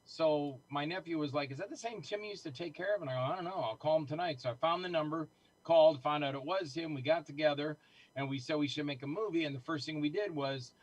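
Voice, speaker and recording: A middle-aged man telling stories in casual conversation, animated and acting out the voices of people he quotes. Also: fairly high pitch, fast talker, poor audio. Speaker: guest filmmaker. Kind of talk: casual storytelling.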